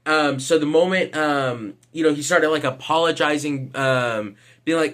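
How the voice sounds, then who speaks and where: A man's voice: on the high side, unhurried, a bit bright. A man giving casual vlog commentary, hesitant, with lots of fillers and casual swearing. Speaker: vlogger.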